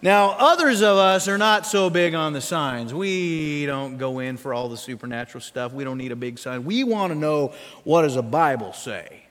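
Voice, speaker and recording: High-voiced animated male preacher. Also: normal speed, hardly any pauses, big-room sound. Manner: animated, questioning, storytelling. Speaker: pastor. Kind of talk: sermon.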